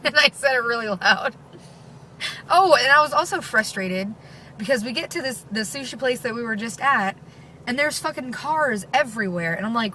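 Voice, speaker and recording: A woman's voice: high-pitched, lively intonation, normal speed, background noise. A young woman vlogger ranting casually, profane, sarcastic and exasperated. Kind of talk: casual rant.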